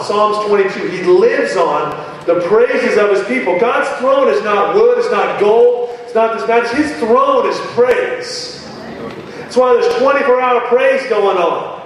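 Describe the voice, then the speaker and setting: A man preaching an emphatic, animated sermon to a congregation. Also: sits high, measured pace, a little hiss or hum. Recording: echoey hall from far off.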